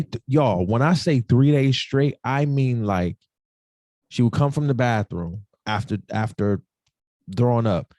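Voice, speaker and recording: A man's voice: mid-range voice, mellow, no room sound, clean studio sound. A man hosting a podcast, telling a personal story in casual, emotional speech, repeating himself and calling listeners y'all and bro. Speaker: podcast host.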